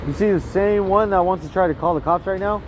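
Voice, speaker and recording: A man's voice: high-pitched, quick pace, a little hiss or hum. A man filming himself outdoors on a city street with a handheld phone, talking in an agitated, repetitive, rambling way and asking the viewer over and over whether they see what he sees. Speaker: vlogger. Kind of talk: rambling self-filmed monologue.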